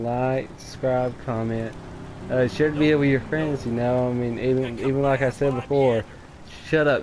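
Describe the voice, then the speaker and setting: A man's voice: medium pitch, darkish tone, a little hiss or hum. A man casually commenting on gameplay as host of his gaming channel, rambling and chatty with lots of fillers.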